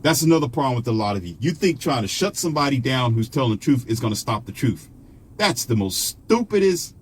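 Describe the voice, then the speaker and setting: A man's voice: medium pitch, sing-song, brisk, a little hiss or hum. A man delivering a confrontational, mocking monologue to his viewers, scolding them and preaching his own predictions. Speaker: online commentator. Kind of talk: ranting monologue.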